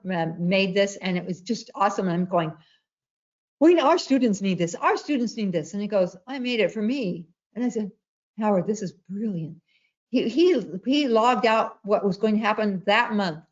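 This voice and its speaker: An emphatic woman presents an online trading class, hammering her points home by repeating them. Her voice sits at an ordinary pitch. The audio is dull and lo-fi. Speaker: trading educator. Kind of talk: webinar presentation.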